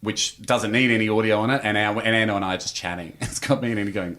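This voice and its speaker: A man's voice: fairly low pitch, fairly even intonation, fast talker, hardly any pauses, pushed and bright. A man, a podcast guest telling a long story in casual chat and acting out the quotes as he goes. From Australia.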